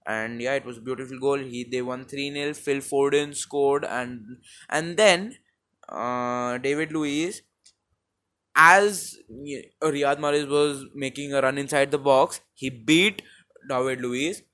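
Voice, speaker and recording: Brief: young Indian man, Indian accent, mid pitch, chatty football recap, lots of fillers, cheap mic. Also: slow pace, pushed and bright. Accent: Indian English. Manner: rambling, many fillers and restarts. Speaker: football vlogger. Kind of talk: casual match recap monologue. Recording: low-quality home mic.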